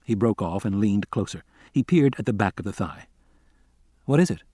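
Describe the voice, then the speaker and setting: A man's voice: fairly low pitch, fairly quick, warm tone, slightly rough, dry recording, studio quality. A man reading a novel aloud as an audiobook narrator, telling it steadily. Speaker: audiobook reader.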